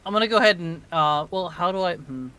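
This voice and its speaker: Male player, high bright voice, hesitant, dry sound. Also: fast talker, clear, resonant tone. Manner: hesitant, thinking aloud. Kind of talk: casual tabletop play.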